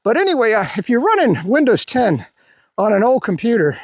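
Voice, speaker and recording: A man's voice: very high-pitched, huge pitch swings, brisk, dry recording, studio quality. A middle-aged man hosting his own commentary channel, talking bluntly and profanely in a rambling way with lots of "uh"s, outdoors on a hike.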